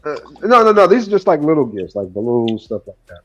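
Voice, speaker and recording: A man's voice: a little high, very animated, fairly quick, highs cut off, soft background music. A man in a casual chat, telling a rambling story full of fillers and swearing.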